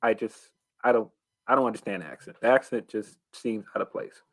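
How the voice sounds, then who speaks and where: Measured man cohosting a podcast. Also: on the low side, a bit bright, dry recording. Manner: measured, hesitant, with many restarts and fillers. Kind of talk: casual wrestling podcast chat.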